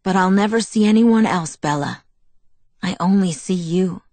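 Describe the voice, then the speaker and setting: A woman's voice: fairly low pitch, moderate pace, warm tone, no room sound, close to an everyday voice. A woman voicing an earnest, protective young man in an audiobook, speaking with impassioned, pleading intensity. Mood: intense. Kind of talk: audiobook character voice.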